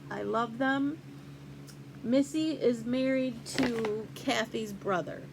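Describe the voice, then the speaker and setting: A woman's voice: a little high, noisy background. An older woman hosting a casual cross-stitch vlog, chatty and rambling with fillers as she shows off gifts. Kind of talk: casual show-and-tell vlog.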